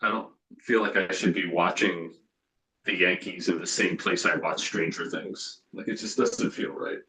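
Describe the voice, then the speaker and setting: A man's voice: deep voice, steady tone, normal speed, bright, forceful tone, rough recording. A man from New Jersey co-hosting a podcast, chatting casually about sports with dry, wry asides. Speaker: podcast co-host.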